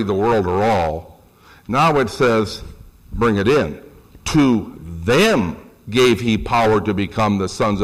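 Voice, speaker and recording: Questioning his congregation as he goes, a middle-aged preacher delivers a lively sermon, his voice rising in pitch to stress key points.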